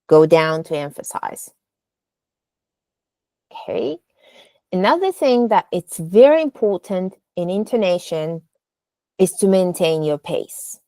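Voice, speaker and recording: Slow, patient woman speech coach. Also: on the low side, animated, a little mellow, no echo. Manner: demonstrative, exaggerates rising and falling intonation in examples; patient, explains step by step with fillers like "so" and "like". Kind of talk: instructional lesson on delivery.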